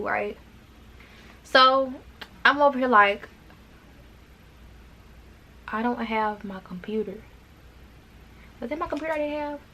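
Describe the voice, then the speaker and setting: A young adult woman vlogger from Arkansas tells her viewers a dramatic storytime in casual chat, repeating words and adding asides. Her voice is on the high side with a sharp tone.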